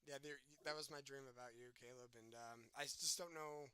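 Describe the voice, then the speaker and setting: A man's voice: mid-range voice, steady tone, a little fast, sharp tone. A young man chatting casually as a host, retelling a story in a rambling, giggly way full of fillers.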